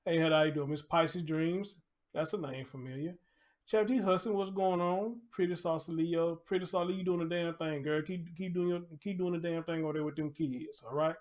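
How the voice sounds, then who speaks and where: A man's voice: on the high side, fairly even intonation, fairly quick, a little mellow. A man hosting a casual livestream, blunt and laid-back, chatting in slang and reading out viewers' names. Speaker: YouTube livestream host.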